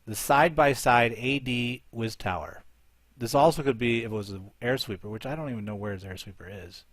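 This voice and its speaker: A man's voice: mid-range voice, fairly quick, a bit bright, dry recording. A man hosting a live show, commentating game attack replays and thinking aloud as he looks for each one.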